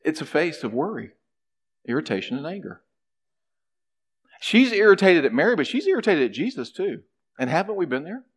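A man preaching a sermon, animated, acting out a character's complaints in a raised voice. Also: a little high, moderate pace, long pauses, breathy edge. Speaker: pastor.

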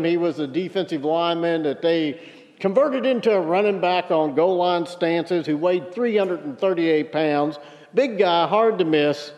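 Male pastor, high voice, storytelling sermon; dull recording with long hall reverb. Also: darkish tone. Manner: storytelling, emphatic preaching.

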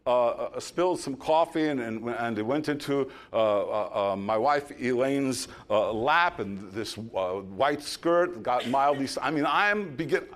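A man's voice: medium pitch, animated, measured pace, hardly any pauses. Storytelling man preaching a sermon. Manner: storytelling preacher, builds to loud emphasis then drops soft. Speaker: pastor.

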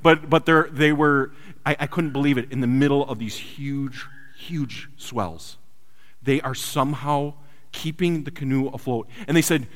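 A man preaching a sermon built around a personal story, swinging from loud urgent lines to quiet hushed ones. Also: on the high side, normal speed. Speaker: pastor. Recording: long hall reverb.

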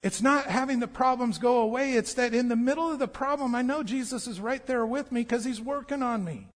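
A pastor preaches a sermon, telling animated stories and acting out the voices of the people in them. His voice is very high-pitched and a little fast. A long hall reverb fills the recording.

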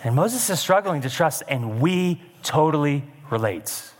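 A man's voice: on the high side, animated, a little slow, in a large hall, a little hiss or hum. A man preaching a sermon in a conversational way, adding wry asides to the scripture reading. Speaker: pastor.

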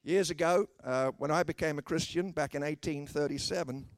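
A man's voice: a little high, fairly quick, no echo, clean studio sound. A man preaching a sermon with emphasis, breaking into joking asides to the congregation.

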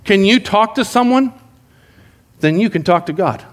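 A man with a high, light voice delivers a sermon with lively storytelling. He acts out the people in his stories and shifts between playful and earnest. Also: normal speed. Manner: animated storytelling, acts out prayers. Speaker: pastor.

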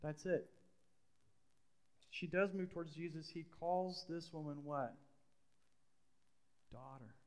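A man's voice: fairly high pitch, fairly even intonation, unhurried, long pauses. A middle-aged man preaching a sermon in a conversational way, repeating phrases and putting questions to the congregation. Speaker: pastor.

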